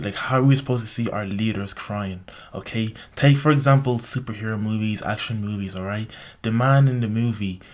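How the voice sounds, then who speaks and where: A young man giving a blunt, rambling opinion monologue in a casual vlog, constantly saying "like" and tagging on "okay?". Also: on the low side. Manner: rambling, heavy use of "like" and tag "okay?"; blunt, lecturing. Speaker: vlogger.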